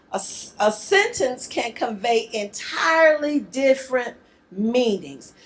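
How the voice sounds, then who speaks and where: A middle-aged woman from the northern US gives a marriage workshop talk to a live group, lively and joking in casual speech. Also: on the high side. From northern United States.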